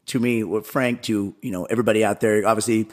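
Fast-talking man telling a story. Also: fairly low pitch, fairly even intonation, darkish tone. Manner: rambling, swears often, many restarts. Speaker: host. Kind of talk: casual chat, telling a work story.

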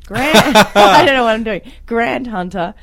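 A woman's voice: on the high side, unhurried, a bit bright, no echo. A young woman with an Australian accent hosting a political podcast in a playful, casual chat, laughing often. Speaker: podcast host.

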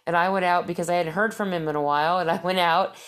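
A middle-aged woman with a notably low-pitched voice chats to her viewers. Her storytelling is loose and rambling, full of emphatic repeats and false starts. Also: steady tone, fast talker. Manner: rambling, emphatic, with many restarts. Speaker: vlogger.

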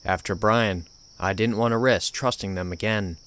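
Lowish male horror story narrator. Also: fairly even intonation, normal speed, fairly bright tone. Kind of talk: scripted narration.

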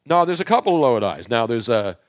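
Laid-back male host, lively pitch. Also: a little fast. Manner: laid-back, calls everyone "man". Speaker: radio show host. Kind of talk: casual chat.

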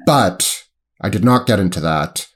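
A man talks casually on a sports podcast in a somewhat low voice. He hesitates often, fills gaps with ums and restarts his sentences. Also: animated, slightly rough. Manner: halting, hesitant, lots of ums and self-corrections. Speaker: podcast co-host and sports writer. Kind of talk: casual chat.

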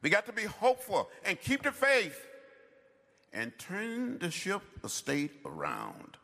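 A man's voice: high voice, wildly swooping pitch, a little slow, creaky, pushed and bright. A man in his seventies giving a commencement speech, with a rhythmic orator's cadence and emphatic repetition. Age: 70s. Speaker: commencement speaker. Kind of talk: ceremonial speech. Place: university ceremony venue. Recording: echoey large hall.

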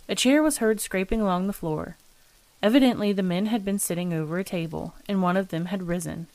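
A woman's voice: medium pitch, brisk, darkish tone, dry recording. Woman reading a ghost story, dry close sound. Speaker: narrator, host.

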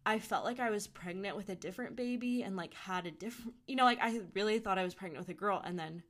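A woman's voice: mid-range voice, fast. A young woman, a podcast guest, telling a personal story in a chatty way, full of "like" and acted-out quotes. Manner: chatty, heavy use of "like", quotes others in lively voices. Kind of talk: casual storytelling.

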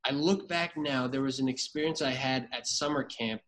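A man's voice: mid-range voice, moderate pace, a bit bright, poor audio. A man in his thirties, a podcast guest, chatting casually and telling stories, with many restarts. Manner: rambling storyteller with many restarts. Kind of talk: casual chat.

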